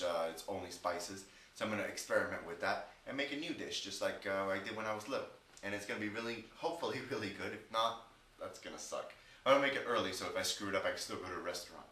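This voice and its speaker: A man's voice: lowish voice, sharp tone, far from the mic, slight background noise. A man chatting casually in a rambling vlog, with stretches of frustrated ranting. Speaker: English teacher vlogger. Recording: echoey room, off-mic at times.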